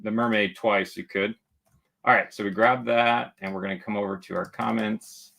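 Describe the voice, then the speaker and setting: A man's voice: on the low side, fairly even intonation, moderate pace, creaky, bright, forceful tone. A man hosting a casual travel livestream, chatty and joking as he reads viewer comments aloud. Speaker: travel channel host.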